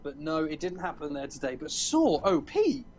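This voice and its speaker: A British man casting a live esports match, excitable and quick to shout at big plays. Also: fairly high pitch, a little hiss or hum. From Britain. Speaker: esports caster. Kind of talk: live game commentary.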